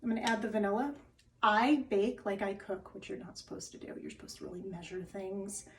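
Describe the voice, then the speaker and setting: A woman from New Jersey, hosting a wellness cooking demo indoors in her kitchen, talks casually to camera with her New Jersey accent and keeps checking in with "okay?". Mid-range and a little fast, her voice comes through a distant recording with slight background noise and poor audio.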